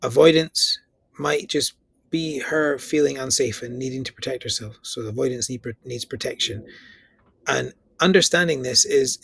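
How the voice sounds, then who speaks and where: A man's voice: mid-range voice, vocal fry, a bit bright, a little hiss or hum. A man giving an earnest coaching talk on relationships, repeating key phrases for emphasis.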